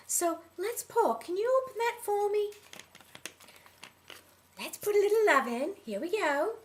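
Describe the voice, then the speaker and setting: Playful high-voiced woman, lively and slow. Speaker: comic cooking demonstrator. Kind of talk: mock cooking show comedy.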